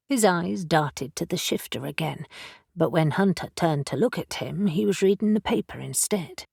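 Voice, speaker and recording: A woman narrating a fantasy audiobook in a measured, even way. Her voice is low and husky, and the recording is close and dry with no room sound. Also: dry recording. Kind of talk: scripted narration.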